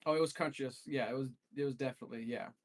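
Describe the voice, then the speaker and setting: A man's voice: medium pitch, very fast. A man telling a long, rambling story as a co-host in a casual podcast chat. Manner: rambling storyteller, restarts often.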